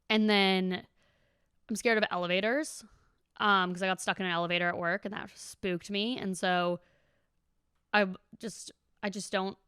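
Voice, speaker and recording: A young woman in her twenties talks straight to her viewers in a loose, rambling vlog ramble. Her voice is smooth and clear, and the recording is dry and close, with no room sound. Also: mid-range voice, fairly bright tone, no room sound. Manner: rambling and chatty, heavy use of "like", swears casually. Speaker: vlogger. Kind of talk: casual chatty vlog.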